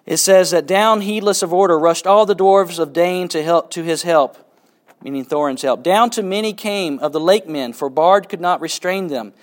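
A man giving a literature lecture, reading passages aloud with dramatic swings between excitement and hushed quiet. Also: high-pitched, moderate pace. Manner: dramatic reading, rising with excitement and dropping to a hush.

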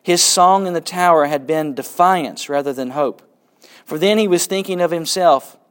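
A man giving a literature lecture, reading passages aloud with dramatic swings between excitement and hushed quiet. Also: on the high side, normal speed, clear, resonant tone. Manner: dramatic reading, rising with excitement and dropping to a hush.

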